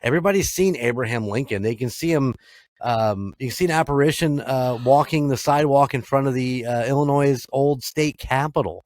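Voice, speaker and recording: A man in relaxed podcast banter, telling ghost stories in a loose, profane, rambling way. His voice sits at an ordinary male pitch. The sound is close and dry, with no room around it. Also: fairly quick, no echo. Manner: profane, laughing, rambling storyteller. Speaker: podcast co-host. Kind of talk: casual chat.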